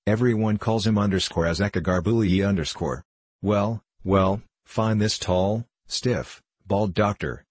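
A man's voice: fairly low pitch, a little mellow, husky, no room sound. A man voicing an older village mother who gives advice in a motherly, self-assured way. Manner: motherly, advising.

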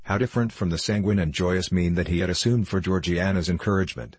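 A man narrating classic fiction in a measured, formal audiobook reading. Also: deep voice, slightly rough, no room sound.

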